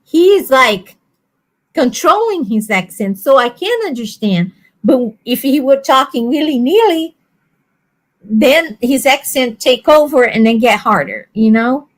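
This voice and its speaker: A woman chats casually on a stream, often pausing to search for words and laughing. Her voice sits fairly high. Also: animated, poor audio. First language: Portuguese. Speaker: livestream co-host. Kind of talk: casual chat.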